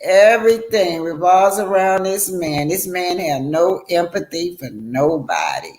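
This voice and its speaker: A woman's voice: fairly low pitch, lively intonation, measured pace, a little mellow, roomy sound, low-quality recording. A woman hosting a livestream, commenting emphatically and welcoming callers. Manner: emphatic, addresses viewers directly. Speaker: livestream host.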